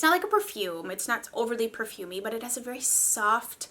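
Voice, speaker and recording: Bright gushing young woman vlogger. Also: on the high side, expressive, brisk, hardly any pauses. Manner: gushing, chatty, full of fillers. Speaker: beauty vlogger. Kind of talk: casual product review.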